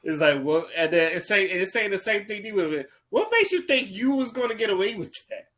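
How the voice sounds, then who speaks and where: A man's voice: high voice, big pitch swings, a little fast, fairly bright tone, poor audio. Stammering, incredulous man on a podcast. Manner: laughing, stammering, incredulous ranting. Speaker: podcast co-host. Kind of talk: casual chat.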